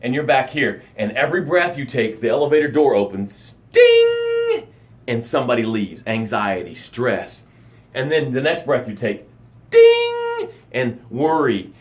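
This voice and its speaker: A man's voice: mid-range voice, normal speed. A middle-aged man, a life coach, giving a dramatic motivational live broadcast to his camera. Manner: dramatic, animated delivery with acted-out sounds and gasps. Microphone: camera for a live stream.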